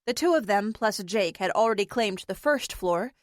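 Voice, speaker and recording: Audiobook narrator, woman, mid-pitched, measured delivery, dry close recording. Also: animated, no room sound.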